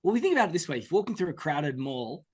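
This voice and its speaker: A podcast host with a fairly high, breathy-edged voice races through a casual interview chat. He's animated, acting out quoted examples to make his points.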